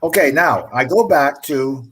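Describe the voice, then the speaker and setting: A man's voice: a little high, fairly bright tone, a little hiss or hum. Mock-formal man telling stories. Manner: measured, mock-formal storyteller. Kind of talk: casual group chat.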